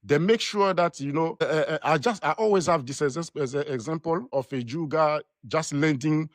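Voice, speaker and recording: Brief: man, slightly higher voice, stop-start rambling talker, dry close sound. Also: normal speed, no echo. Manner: rambling, repeats words, many restarts. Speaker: panel guest. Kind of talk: live online panel discussion.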